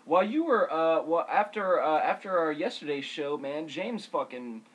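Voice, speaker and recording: Young male co-host, crude casual talk, halting and rambling, pitch a touch high. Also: expressive, fairly bright tone, breathy edge, low-quality recording. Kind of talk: casual profane chat.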